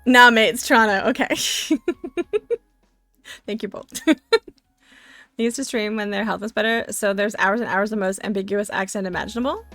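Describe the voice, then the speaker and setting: A woman's voice: mid-range voice, normal speed, pauses often, dry recording, faint music behind. A young woman from Louisiana, chatting casually with her live-stream chat, full of fillers, restarts and giggles.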